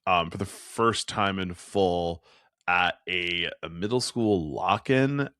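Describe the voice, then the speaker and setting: A man's voice: low voice, takes it slowly, a bit bright, no room sound, studio quality. A man who grew up near Boston, co-hosting a podcast in casual chat, talking with plenty of fillers and laughing often. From New England, near Boston. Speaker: podcast co-host.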